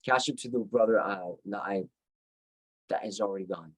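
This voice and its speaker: A man's voice: on the low side, moderate pace, husky, pitched below the performer's own voice. A man voicing an ancient male ruler, stern yet guilt-stricken, giving firm, weighty commands. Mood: grave.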